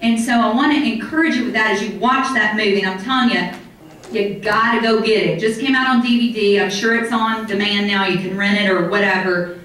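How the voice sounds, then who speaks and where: A middle-aged woman giving an animated motivational talk to a live audience in a hotel conference room, acting out other people's reactions. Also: medium pitch, slight background noise. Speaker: motivational speaker. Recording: very echoey hall from far off.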